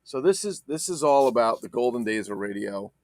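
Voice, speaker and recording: Sex: man. Style: casual, profane collector vlog. Pitch: lively and animated. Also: fairly quick, no room sound. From not Ireland. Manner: profane, enthusiastic, rambling. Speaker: collector vlogger. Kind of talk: casual unboxing chat.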